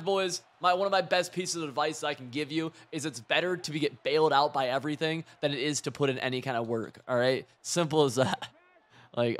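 Young male gaming streamer, loose and excitable play-by-play, profane and chatty. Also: fairly high pitch. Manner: excitable, chatty, swears and laughs often. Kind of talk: live gameplay commentary.

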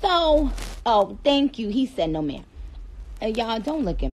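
A woman's voice: on the high side, big pitch swings, darkish tone, a little hiss or hum, rough recording. A woman with a New York accent chatting casually and playfully to viewers on a phone livestream, stretching out her words with attitude. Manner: sassy, playful, drawn-out words. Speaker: livestream host.

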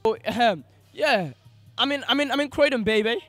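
A man's voice: extremely high pitch, lively intonation, brisk, a bit bright, dry recording, faint music behind. A man from Birmingham with a Birmingham accent, a guest comedian joking boisterously on the street. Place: street outdoors.

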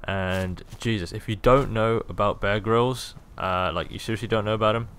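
Jokey lad commentating a game. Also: male voice, fairly low pitch, fairly even intonation, moderate pace, fairly bright tone, clear, resonant tone. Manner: jokey, rambling, self-amused. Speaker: gaming video host. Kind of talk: casual gameplay commentary.

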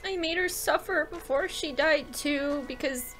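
A woman's voice: high voice, a little slow, a bit bright. A woman streaming a video game, chatting emotionally to viewers and swearing a lot. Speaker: gaming streamer. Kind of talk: casual let's-play commentary. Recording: game music behind voice.

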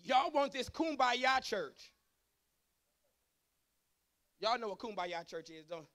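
High-voiced fervent male preacher. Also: lively intonation, slow pace, pauses often. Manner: fervent, rising to shouting; chatty asides to the congregation. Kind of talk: sermon. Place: church service.

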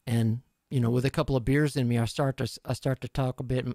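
A man's voice: medium pitch, steady tone, quick pace, gravelly, mellow, no room sound, studio quality. A middle-aged man from Canada, a musician guest chatting casually in an interview, rambling and self-deprecating. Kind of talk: casual live-stream interview.

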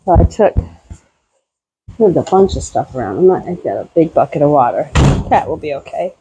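A woman's voice: low-pitched, very animated, moderate pace, warm tone, slight background noise, low-quality recording. A middle-aged woman chatting casually while doing farm chores in a barn, talking to her animals as she works. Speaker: homesteading vlogger.

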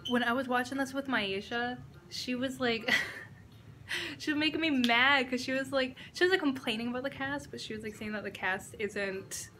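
A young woman talks straight into her camera in a casual reaction vlog, excitable and gushing, with a bright, forceful voice. She swears freely as she reacts, recorded on a camera mic indoors at a friend's house. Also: sits high, normal speed, a little hiss or hum. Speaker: reaction vlogger.

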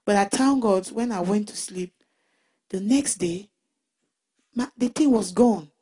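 A woman giving a personal Christian testimony in an emotional, halting way, often restarting and repeating her words. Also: medium pitch, mellow, breathy edge. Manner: emotional retelling.

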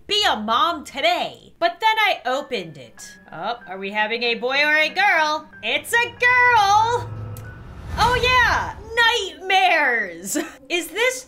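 A young woman, a YouTuber, playing a mobile game and reacting in a joking, animated way with frequent laughter. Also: a little high. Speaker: gaming YouTuber.

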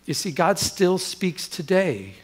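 Middle-aged male pastor, animated storyteller, slightly higher voice. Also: slow pace, slightly rough. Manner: animated storytelling, acts out dialogue, many restarts. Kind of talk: sermon with personal story.

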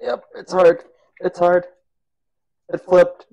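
A man's voice: on the high side, a little slow, a little mellow, dull audio. A man in his own kitchen casually narrating a cooking vlog, goofy and rambling, laughing at himself as he goes. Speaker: cooking vlogger. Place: home kitchen.

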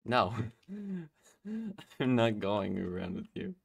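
A man giving excitable gameplay commentary, laughing often and talking to himself and his opponents. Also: lowish voice, takes it slowly, gravelly, long pauses. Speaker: gaming YouTuber.

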